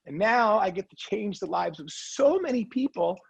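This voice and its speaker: A man's voice: sits high, lively intonation, gravelly, breathy edge, no echo. A man telling his life story as a guest in a casual interview, earnest and emotional. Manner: earnest, emotional, quick asides like "right?".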